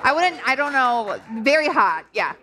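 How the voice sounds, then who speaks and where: A woman's voice: sits high, big pitch swings, moderate pace, heavy background noise. A woman co-hosting a podcast in a casual comedic chat, giggly and teasing as she talks. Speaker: podcast co-host.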